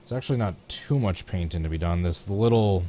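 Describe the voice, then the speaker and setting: A man's voice: deep voice, a little fast, dark tone, slight background noise. A man streaming live, chatting casually and self-deprecatingly as he talks himself through each step of painting a race truck on his computer. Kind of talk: casual thinking-aloud commentary while working.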